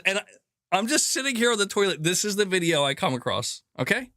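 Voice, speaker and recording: A fairly high, bright-toned man hosts a gaming chat show, rambling and joking with frustrated asides. His voice sounds dry and close to the mic. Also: sing-song, fast, no room sound. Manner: rambling, exasperated, jokey. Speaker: gaming news host. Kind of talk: casual chat.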